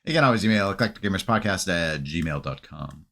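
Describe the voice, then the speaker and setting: A man's voice: low-pitched, lively intonation, brisk, creaky, fairly bright tone. A man co-hosting a podcast in casual chat, dropping wry, teasing comments. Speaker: podcast co-host.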